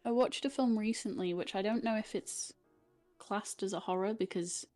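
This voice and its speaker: A woman's voice: mid-range voice, normal speed, a little mellow, no echo, soft background music. A woman from York with a Yorkshire accent, chatting casually as a guest on a stream, with plenty of fillers. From York, England. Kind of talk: casual chat.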